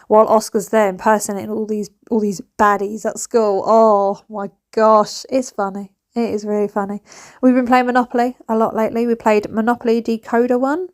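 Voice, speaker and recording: Chatty mum vlogging. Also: female voice, medium pitch. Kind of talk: casual chat.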